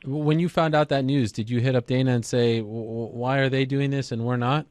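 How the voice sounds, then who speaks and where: A man hosting an interview, asking eager, excitable follow-up questions. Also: medium pitch, a little fast, no room sound. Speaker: interview host. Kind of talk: casual interview.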